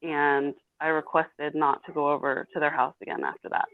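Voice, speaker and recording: A woman's voice: sits low, level tone, normal speed, no echo. A woman in her thirties, a guest telling her own painful story candidly and bluntly. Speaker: interview guest. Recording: tinny phone-like call audio.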